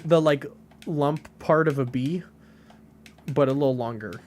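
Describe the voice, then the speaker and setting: Playing a game on stream, a man talks loosely with his audience and responds to chat, leaning heavily on filler words. He has a medium pitch and a darkish tone, speaks at a measured pace, and a little hiss or hum runs under the recording.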